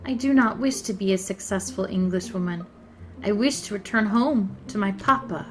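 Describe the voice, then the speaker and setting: A woman reading as a gentle, homesick young girl. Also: mid-range voice, normal speed, faint music behind, lightly acted. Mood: wistful.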